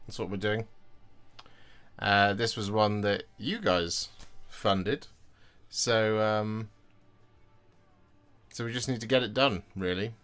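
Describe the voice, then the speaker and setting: A man's voice: on the low side, fairly even intonation, slow, long pauses, a bit bright, smooth, soft background music. A man hosting a casual livestream while building models, chatty and self-deprecating as he greets viewers. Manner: chatty, self-deprecating, reads chat aloud.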